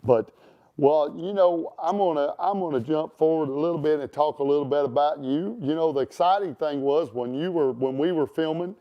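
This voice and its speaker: A man's voice: fairly high pitch, smooth, muffled recording. A man hosting a casual interview chat, rambling with many fillers and restarts. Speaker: show host.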